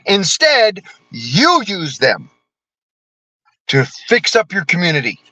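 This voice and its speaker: A man's voice: high-pitched, huge pitch swings, takes it slowly, bright, forceful tone, no echo, low-quality recording. An American man delivering a profane, blunt political rant as a vlogger, cursing constantly and talking combatively.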